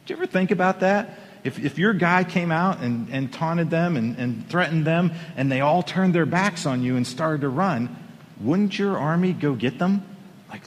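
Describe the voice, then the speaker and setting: A pastor preaching a Sunday sermon from a riser in church, telling a story in an animated way and pushing his voice up for emphasis. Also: a little high. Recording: long hall reverb.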